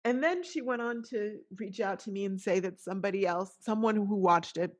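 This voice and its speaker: A woman's voice: mid-range voice, fairly quick. A middle-aged woman hosting a podcast, talking in an earnest, emotional, motivational way with frequent restarts. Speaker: podcast host. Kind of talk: casual motivational monologue.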